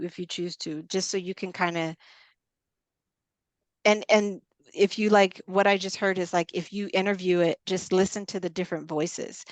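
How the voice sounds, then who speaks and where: A woman coach and ministry leader talking casually to a small group. She tells stories in a lively way and acts out the conversations she retells. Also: lowish voice, no room sound. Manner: animated storyteller who re-enacts conversations.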